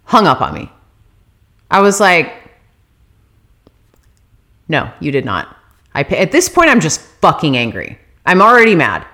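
A woman telling a story on her vlog in a casual, animated and exasperated way, swearing freely. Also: lowish voice, normal speed.

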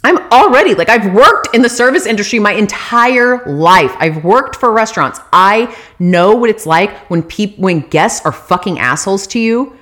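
Lively, swearing woman ranting. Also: mid-range voice, moderate pace, hardly any pauses. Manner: animated, profane, exasperated ranting to viewers. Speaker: vlogger telling a story. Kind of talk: casual storytime rant.

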